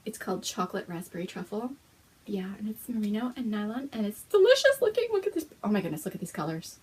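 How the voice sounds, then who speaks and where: A woman hosting a knitting podcast, showing things on camera in a gushing, excited chat, with frequent gasps and whispered exclamations. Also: a little high, brisk, breathy edge. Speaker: host of a knitting and fiber podcast. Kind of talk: excited casual show-and-tell chat.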